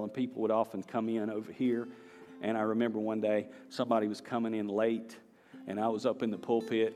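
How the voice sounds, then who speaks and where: A man's voice: fairly low pitch, darkish tone. A man with a Southern American accent, preaching a sermon from the pulpit in a folksy, conversational way that rises into emphatic bursts. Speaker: pastor. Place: church sanctuary. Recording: reverberant church hall with faint guitar.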